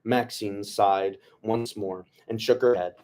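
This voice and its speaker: A man with a lowish voice reads a novel aloud to his book club at an easy pace. He trips over words now and then, backs up to reread, and breaks off for wry jokes. The tone stays loose and conversational. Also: slow pace. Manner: relaxed, stumbles and rereads, jokes aside. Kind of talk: casual read-aloud of a novel.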